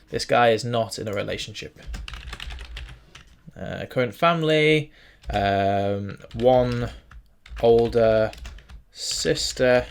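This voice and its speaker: A young man hosting a casual writing tutorial, chatting and thinking aloud as he works through a form. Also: on the low side. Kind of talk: casual screen-recorded tutorial. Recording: faint background noise and typing clicks.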